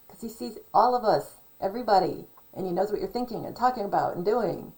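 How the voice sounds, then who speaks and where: A woman's voice: mid-range voice, fairly quick, darkish tone, poor audio. A woman hosting her own vlog, rambling casually and thinking aloud, spelling out names as she goes. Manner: many fillers and restarts, musing. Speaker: channel host.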